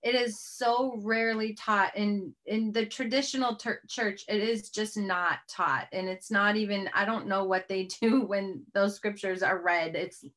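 A middle-aged woman hosts a faith interview in an earnest, rambling way. She restarts her sentences and leans on fillers as she goes. Her pitch sits at an everyday middle height. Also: steady tone, unhurried, hardly any pauses, fairly bright tone. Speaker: host.

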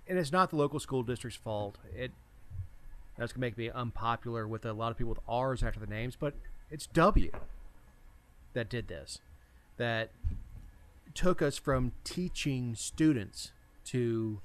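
A man talks bluntly in a relaxed, folksy manner. His voice is of average male pitch, and he states his views without softening them. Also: a little slow. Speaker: podcast co-host. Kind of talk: casual political chat.

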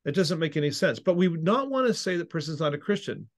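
A man's voice: a little high, sing-song, fast talker. A man, a seminary professor and minister, answering interview questions with an earnest, teaching tone and frequent restarts.

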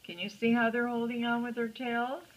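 An older woman reading a picture book aloud to a child, with gentle chatty asides and a husky voice. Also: fairly high pitch, flat delivery, moderate pace, poor audio. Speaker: storyteller grandmother.

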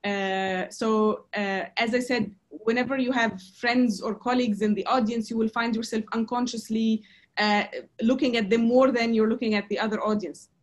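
A woman lecturing a class on presentation skills, her voice sitting a little high. She speaks haltingly, with frequent fillers and restarts. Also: steady tone.

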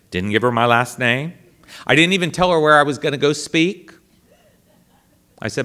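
A man, a priest, telling a story to a live audience in a dramatic, animated way, dropping to a hush and then rising loud. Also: a little high, normal speed. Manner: dramatic, animated storyteller who swings between hushed and loud. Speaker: priest giving a talk.

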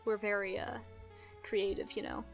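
A woman's voice: medium pitch, level tone, normal speed, gravelly, faint music behind, pitched below the performer's own voice, close to an everyday voice. A woman voicing a smug male villain grunt in a put-on British accent.

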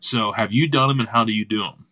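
Bright, excitable male host. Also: on the low side, fast, highs cut off. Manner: excitable, laughing. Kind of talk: casual live chat.

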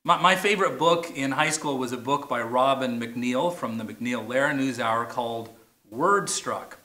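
Casting: male pastor, bright forceful voice, playful sermon delivery, echoey hall. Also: medium pitch. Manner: playful, drawn-out emphasis on key words. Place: large church or plaza. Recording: echoey, roomy sound.

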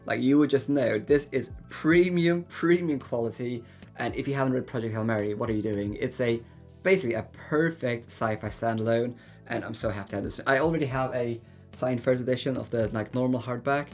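An excitable man hosts a book unboxing vlog, gushing and exclaiming. His voice sits at an ordinary middle pitch, and soft music plays faintly underneath. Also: brisk. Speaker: book YouTuber.

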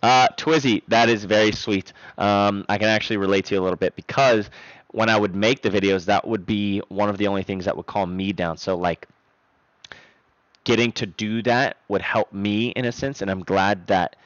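A young man chatting casually on a live stream, loud one moment and mumbling the next. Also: fairly low pitch, normal speed, no room sound. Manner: animated, swings between loud outbursts and mumbling. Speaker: livestreamer. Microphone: streaming microphone. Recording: dry, dull lo-fi sound.

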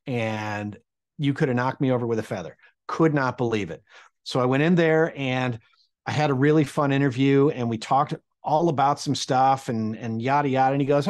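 A man's voice: mid-range voice, normal speed. A man in his forties telling a personal anecdote, acting out the people he quotes with big jumps in his voice. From Midwestern United States. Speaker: storyteller. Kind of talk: personal anecdote told to camera.

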